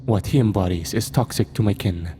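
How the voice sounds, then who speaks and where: A man voicing a cold, calm demon that speaks through a possessed girl, menacing and intelligent, in a horror story reading. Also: lowish voice, brisk, a little hiss or hum, lightly acted. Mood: cold menace.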